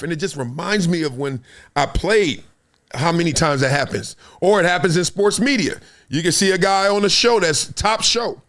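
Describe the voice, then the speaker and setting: Lively high-voiced man talking sports. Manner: lively storytelling, acts out quotes and sound effects. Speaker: show host, former NFL player. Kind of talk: animated sports talk monologue.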